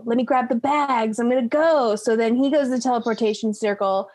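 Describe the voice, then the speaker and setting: Young adult woman, tabletop player, chatty and laughing, doing quick voices in her recap. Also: on the high side, a little mellow. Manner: giggly, rambling, slips into quick character voices. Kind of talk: casual recap of a tabletop game.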